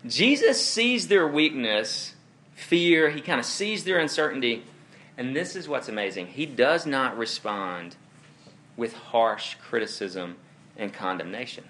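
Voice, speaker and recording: Lively, bright-voiced young male preacher. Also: mid-range voice, unhurried. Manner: animated, chuckling, storytelling asides. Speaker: pastor. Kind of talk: conversational sermon.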